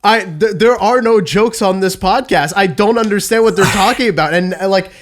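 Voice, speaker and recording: A man with a high-pitched voice hosting a casual podcast chat. He sounds exasperated at his co-hosts and swears freely as he talks. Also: normal speed. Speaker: podcast host and editor.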